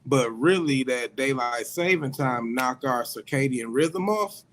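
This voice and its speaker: A man with a Midwestern US accent, co-hosting a radio show and calmly explaining health habits in casual chat. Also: medium pitch, unhurried, a little hiss or hum. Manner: easygoing, explains things steadily. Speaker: co-host.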